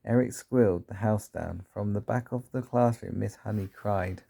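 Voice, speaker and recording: A man reads a children's book aloud in a low, gravelly voice. His tone is dark and mellow. He sometimes stumbles and corrects himself mid-sentence. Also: moderate pace. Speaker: reader.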